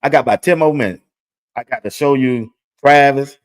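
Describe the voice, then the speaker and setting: Excited sports talk host, a man. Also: mid-range voice, brisk. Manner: excited, chatty, talks to viewers directly. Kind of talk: casual commentary over video clips.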